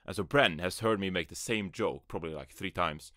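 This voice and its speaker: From a small closet, a man hosts his first solo esports podcast on a USB microphone, rambling offhandedly with self-deprecating asides. His low voice is brisk, pushed and bright. The studio-quality sound has no echo.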